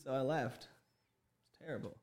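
A man's voice: mid-range voice, moderate pace, a little mellow. A young man, a podcast guest, chatting casually and telling rambling stories with lots of laughter and acted-out quotes. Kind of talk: casual chat.

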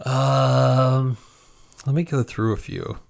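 A man's voice: medium pitch, fairly even intonation, takes it slowly, gravelly. A man co-hosting a podcast in casual chat, easygoing and hesitant, with many ums. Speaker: podcast co-host.

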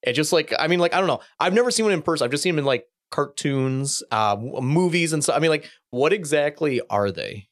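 A man's voice: on the high side, expressive, fairly quick, few pauses, dry recording, studio quality. A man hosting a casual gaming podcast, rambling and hesitant, often restarting words and laughing. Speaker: podcast host.

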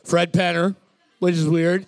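Gravelly man cracking dry jokes. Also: sits high, little pitch movement, a little slow, darkish tone. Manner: dry crude wisecracks. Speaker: podcast co-host. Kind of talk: casual comedic podcast banter.

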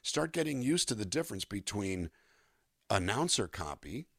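Deep, lively older man on a mic. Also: moderate pace, vocal fry, breathy edge, no room sound, studio quality. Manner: animated, demonstrates voices and melodies mid-sentence. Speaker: singer-songwriter guest. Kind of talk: relaxed interview conversation. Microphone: USB microphone.

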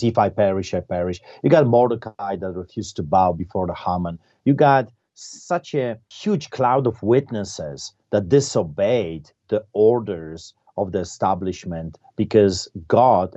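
A man's voice: fairly low pitch, mellow, dull audio. A male pastor speaking in an interview, impassioned and emphatic, repeating phrases for force. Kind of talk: fiery preaching in an interview.

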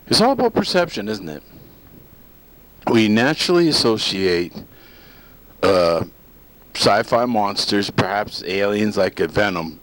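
Man, middle-aged, host, casual solo talk, low-ish voice, rambling, joking. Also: sing-song, unhurried, pauses often, fairly bright tone, poor audio. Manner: rambling, jokey, breaks into silly voices.

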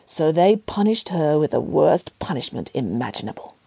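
A woman reading a children's story aloud with a playful, expressive delivery. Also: deep voice, moderate pace, gravelly, breathy edge, dry recording. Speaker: narrator. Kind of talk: audiobook narration.

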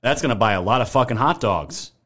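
A man's voice: mid-range voice, expressive, brisk, fairly bright tone. A man hosting a political live stream, ranting in a heated, profane way and thanking viewers in chat. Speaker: livestream political commentary host.

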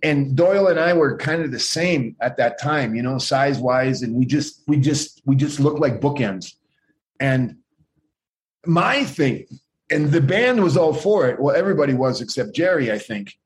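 A man's voice: medium pitch, lively intonation, normal speed. A middle-aged man in a casual interview, telling rambling, profane stories and acting out what others said. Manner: profane, rambling, acts out quoted voices. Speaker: guest, former pro wrestler.

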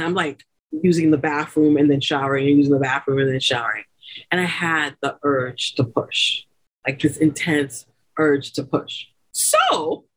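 A woman guest on a podcast, telling her own story in a chatty, laughing way and acting out the people she quotes with loud, high bursts. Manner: chatty, laughing often, many fillers like "like" and "you know". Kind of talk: animated birth story told in casual chat.

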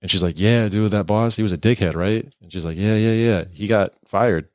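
Speaking fairly quickly in a lowish voice, a young man tells an animated, foul-mouthed story and performs the voices of its characters himself. There's no room sound in the recording.

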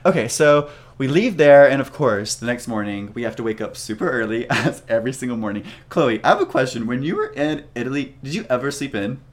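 A man's voice: mid-range voice, expressive, fairly quick, few pauses. A young man co-hosting a podcast, casually telling a travel story in a rambling way full of "like" and restarts. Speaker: podcast co-host.

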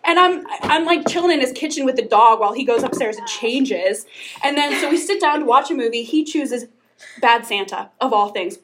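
A woman's voice: high-pitched, expressive, normal speed, noisy background. A young woman, telling a dating story on a casual podcast while laughing often. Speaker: podcast co-host.

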